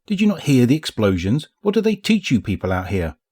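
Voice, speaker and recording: A man's voice: medium pitch, huge pitch swings, a little fast, darkish tone, slightly rough, voice pushed up. A man voicing a small female ghost companion who talks in a clipped, scolding, impatient way. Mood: curt.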